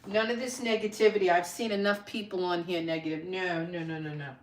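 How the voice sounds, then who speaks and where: A woman's voice: on the low side, fairly even intonation, fairly quick, recorded from a distance. Woman in her sixties, live cooking host, friendly rambling chat, roomy kitchen sound. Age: 60s. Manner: chatty, upbeat, talks to viewers by name. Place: home kitchen. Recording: echoey kitchen.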